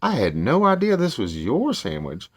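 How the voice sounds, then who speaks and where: A man voicing a brave, cheerful male cartoon mouse in a storybook reading, with sudden high, loud bursts. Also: wildly swooping pitch, moderate pace, no room sound, studio quality. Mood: apologetic.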